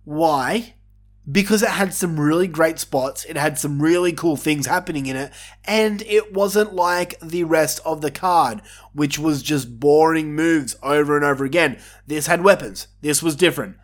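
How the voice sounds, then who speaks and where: A man's voice: a little high, a little slow. A man giving a casual, sarcastic wrestling review and swearing freely.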